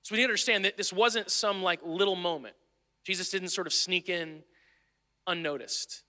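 A man's voice: sits high, normal speed, pushed and bright. A man preaching a sermon in an earnest, conversational way, sometimes restarting his phrases. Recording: long hall reverb.

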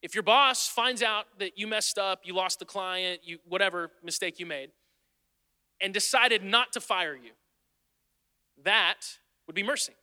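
A man preaches in an earnest, chatty style, circling back to the same phrases for emphasis. His voice sits high and rings very bright. A long reverb trails each line through the church hall. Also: a little slow. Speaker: pastor. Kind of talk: sermon. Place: church sanctuary.

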